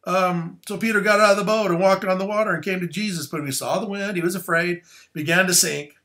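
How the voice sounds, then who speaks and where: A pastor delivers a loose, conversational sermon, often breaking off for asides. He is a man with a slightly high, bright voice that swings freely up and down. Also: fast. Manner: animated and conversational, with plain slang and asides. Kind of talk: casual sermon.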